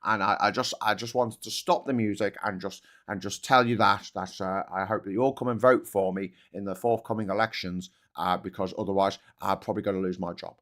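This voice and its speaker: A man's voice: fairly low pitch, fairly even intonation, fairly quick, few pauses, a bit bright, pitched below the performer's own voice, lightly acted. Man impersonating a droning, boring politician. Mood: droning plea. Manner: droning, plodding, self-pitying. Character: dull middle-aged male politician pleading at a rave.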